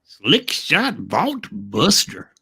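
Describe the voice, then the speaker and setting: A man's voice: mid-range voice, drawn-out words, gravelly, breathy edge. A man with a Southern US accent reading aloud as a co-host in a casual podcast chat. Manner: reads aloud with a lively voice.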